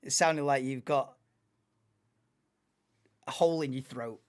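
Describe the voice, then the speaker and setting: A man in his late twenties, hosting a live race watchalong in an excitable, rambling, chatty way. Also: mid-range voice, unhurried. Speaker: livestream host.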